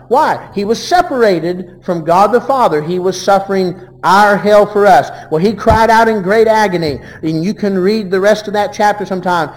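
A man delivers a sermon in a high-pitched voice. He reads verses aloud, then swings between loud declarations and hushed asides. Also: long reverb tail. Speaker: preacher.

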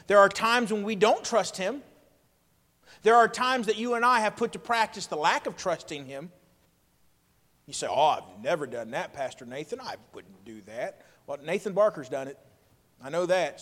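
Emphatic preaching pastor, bright voice. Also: male voice, high voice. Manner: emphatic preaching, swings between loud and quiet. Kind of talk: sermon. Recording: long reverb of a hall.

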